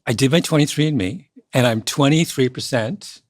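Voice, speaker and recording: Man, podcast guest, animated storyteller, laughs a lot, dry close sound. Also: mid-range voice, normal speed, dry recording. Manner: animated, laughs often, acts out quoted voices. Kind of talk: casual conversational storytelling.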